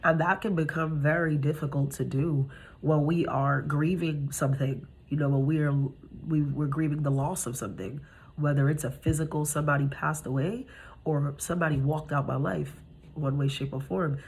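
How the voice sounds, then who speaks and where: Low, husky young woman, casual streetwise tarot reader who talks straight to camera. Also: fairly even intonation, moderate pace, darkish tone. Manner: chatty, streetwise, talks to viewers directly.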